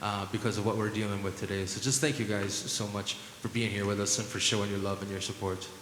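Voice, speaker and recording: A man's voice: lowish voice, level tone, quick pace, a bit bright. Band guy on the mic thanking folks and calling the next song, echoey hall, bit of hiss. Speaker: band member and emcee. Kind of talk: live stage announcing.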